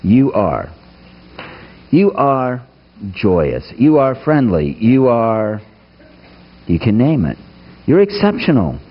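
A man's voice: medium pitch, huge pitch swings, slow, long pauses, dull audio. A man preaching a sermon to his congregation, emphatic, putting rhetorical questions to the listeners. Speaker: pastor. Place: church sanctuary.

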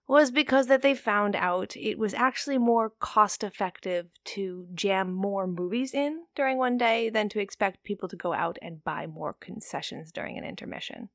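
A woman's voice: medium pitch, fairly bright tone, no echo, clean studio sound. A woman hosting a film podcast, talking casually with chatty, digressive, joking asides. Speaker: podcast host.

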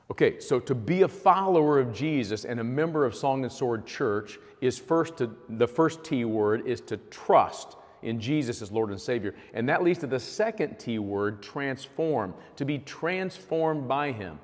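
A male pastor delivers a sermon in a relaxed, talky manner, painting scenes and pausing on fillers. His mid-range voice carries a long reverb from the church hall. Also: medium pitch. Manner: conversational, vivid storytelling with fillers.

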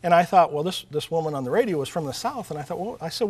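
A man's voice: fairly high pitch, expressive, fast talker, breathy edge. A man, an author and guest in an interview, talking earnestly about faith and family, telling stories with frequent restarts. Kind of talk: interview conversation.

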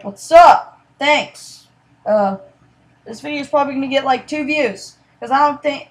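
A woman giving casual commentary over her gameplay, rambling and apologetic, sometimes trailing into quiet mutters and then bursting out excitedly. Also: fairly high pitch. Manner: excitable outbursts. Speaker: gaming commentator.

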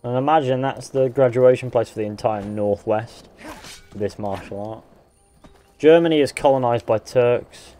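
Sweary English streamer with a mixed accent. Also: male voice, medium pitch, moderate pace, dark tone, soft background music. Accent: English, Northern and West Country mix with a Midlands sound. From England. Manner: blunt, sweary banter, reading viewer comments aloud. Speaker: game streamer. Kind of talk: casual live-stream chat while gaming.

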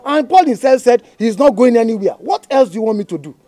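A man's voice: extremely high pitch, expressive, fast, dark tone, no room sound. An actor with a Nigerian accent playing a weary village man who protests in an exasperated way. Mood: protesting. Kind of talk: Nollywood village drama acting.

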